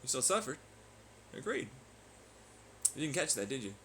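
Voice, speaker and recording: Guy venting on his vlog, sarcastic and sweary, sharp bright tone. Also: mid-range voice, very animated, moderate pace, a little hiss or hum, low-quality recording. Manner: profane, sarcastic, taunting. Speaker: vlogger. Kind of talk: ranting monologue.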